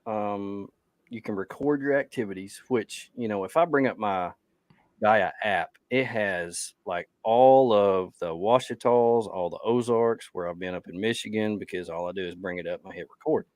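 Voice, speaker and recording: A tired man co-hosting a podcast in casual chat. His voice sits fairly low, and he rambles and loses his train of thought. The recording is dry and close, with no room sound. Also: normal speed, a little mellow, no echo. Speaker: podcast co-host.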